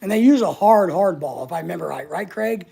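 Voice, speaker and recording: A woman's voice: fairly low pitch, animated, a little fast, creaky, dark tone, slightly rough. A woman hosting a casual livestream, answering viewer comments in a playful, teasing way and laughing often. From United States. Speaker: livestream host.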